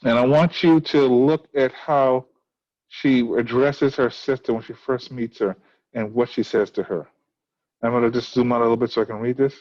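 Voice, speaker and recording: Teacher asking rhetorical questions. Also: male voice, mid-range voice, fairly even intonation, moderate pace, darkish tone, dull audio. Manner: explains with many rhetorical questions. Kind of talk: recorded class lesson on a play.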